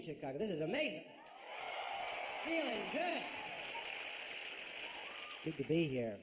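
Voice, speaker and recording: Animated man doing stand-up in a big theater. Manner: animated, jumps into high silly voices. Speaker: stand-up comedian. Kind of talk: stand-up routine. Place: large ornate theater stage. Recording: reverberant theater with audience noise.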